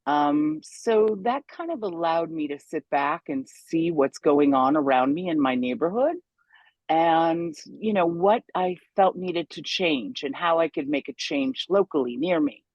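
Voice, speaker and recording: A woman's voice: low-pitched, expressive, unhurried, no echo, muffled recording. A woman guest on an interview show, an environmental activist talking in a chatty, upbeat way with many fillers. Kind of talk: casual interview.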